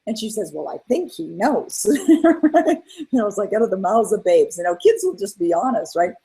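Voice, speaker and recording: A middle-aged woman as an interview guest, telling her own story in an earnest, animated way and acting out what people said. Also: medium pitch, normal speed, husky, low-quality recording. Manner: earnest, animated retelling with acted-out quotes. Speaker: guest, author and coach.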